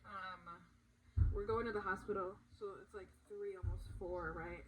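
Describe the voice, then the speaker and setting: A woman's voice: medium pitch, steady tone, measured pace, a bit bright, slight background noise, rough recording. A young woman vlogger telling a personal story in a rambling, emphatic way, full of fillers.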